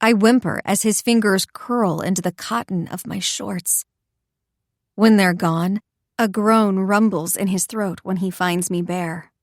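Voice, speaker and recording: A woman reads a first-person romance audiobook, expressive and intimate. Her voice sits at a middle pitch for a woman, and the recording is dry and close with no room sound. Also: no room sound. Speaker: audiobook narrator.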